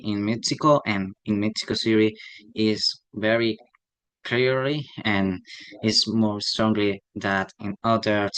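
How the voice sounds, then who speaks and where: A young man gives a student presentation at a slow, careful pace. His voice sits fairly low, and he pauses often, checking in with the listener after each point. The recording is dry and close, with almost no room sound. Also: a bit bright, no room sound, rough recording. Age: young adult. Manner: halting, tags sentences with "okay?". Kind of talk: class presentation.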